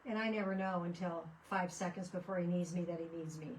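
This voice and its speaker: A woman's voice: lowish voice, fairly even intonation, quick pace, slight background noise. A woman chatting casually while she does crafts at home, rambling from one story to the next with lots of restarts. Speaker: craft vlogger. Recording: voice picked up from a distance.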